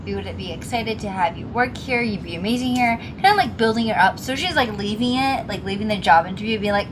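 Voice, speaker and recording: A woman's voice: medium pitch, brisk, few pauses, noisy background. Chatty young woman retelling a drama. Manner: chatty, animated retelling with acted-out quotes. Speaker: co-host discussing a drama episode. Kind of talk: casual chat.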